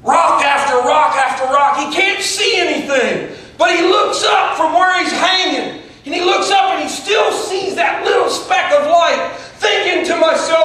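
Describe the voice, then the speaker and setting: A man preaching a dramatic storytelling sermon, swinging from shouted peaks down to hushed, breathy near-whispers. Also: extremely high pitch, measured pace, far from the mic, some chatter behind. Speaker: pastor. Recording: very echoey room, picked up from afar.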